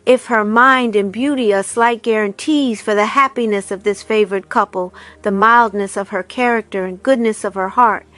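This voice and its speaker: Majestic old fairy lady, solemn and proclaiming, a bit high, read by a woman. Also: a bit bright, natural voice. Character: stately old female fairy godmother.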